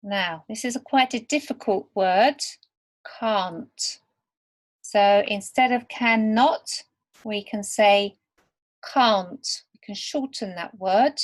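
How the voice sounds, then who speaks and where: A woman teaching English to beginners over slides, speaking slowly and deliberately word by word. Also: mid-range voice. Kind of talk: slow, clear lesson for beginner learners.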